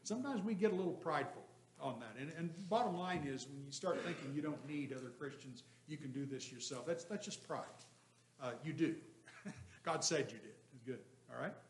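A man's voice: a little high, lively intonation, a little fast, a little hiss or hum. A man leading an interactive Bible study, questioning the class and stressing points with bursts of emphasis and chuckles. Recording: echoey room.

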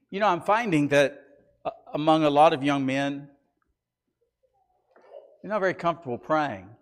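A middle-aged male pastor preaching a sermon and reading scripture aloud, swinging between loud emphatic lines and quiet low passages. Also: moderate pace, pauses often.

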